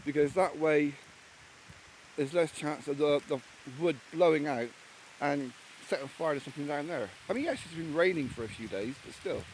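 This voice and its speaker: Rambling about his camp in a rain-soaked wood, an English vlogger speaks casually and bluntly, with frequent swearing. His voice is a little high and his pace moderate. The low-quality outdoor recording has loud rain and a faint hiss or hum.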